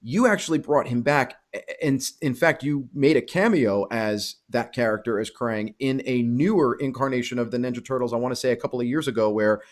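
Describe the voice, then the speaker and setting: A man's voice: medium pitch, brisk. Man in his forties hosting a podcast. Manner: conversational, fan-like questioning. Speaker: podcast host. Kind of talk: podcast interview.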